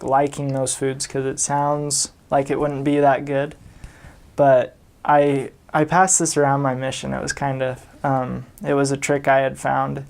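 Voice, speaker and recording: A man's voice: medium pitch, creaky, a little mellow. A young man from the United States, a returned missionary, casually telling stories with chuckles and fillers. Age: young adult. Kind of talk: casual storytelling.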